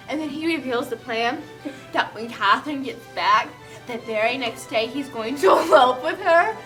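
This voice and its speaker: A woman's voice: high voice, animated, normal speed, bright, forceful tone, faint music behind. A woman casually retelling a play's plot in a chatty, giggly way. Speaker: comedic storyteller.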